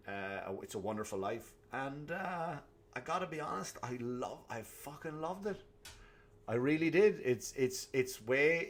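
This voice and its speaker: A man hosting a comedy podcast, ranting alone in a profane, animated way. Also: medium pitch. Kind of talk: solo comedic rant.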